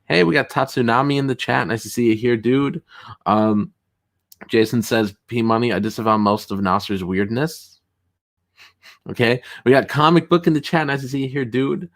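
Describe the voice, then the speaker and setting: A young man hosting a casual livestream, reading chat messages aloud, laughing often and getting loud and worked up when he tells a story. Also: mid-range voice, normal speed. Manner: chatty, excitable, laughs often, rising to shouts when riled. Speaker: streamer host reading chat.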